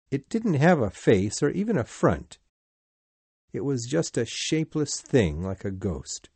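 Slow, expressive male storyteller. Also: mid-range voice, no echo. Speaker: narrator. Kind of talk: scripted audiobook narration.

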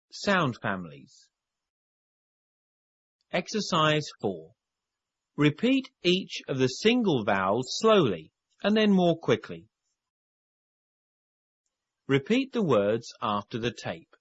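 A man reading the instructions of an English course tape, speaking slowly and carefully for learners. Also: medium pitch, wildly swooping pitch, slightly rough, dry recording. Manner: slow, careful enunciation for learners. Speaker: course audio narrator. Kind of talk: slow scripted English lesson instructions. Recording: dull lo-fi tape audio.

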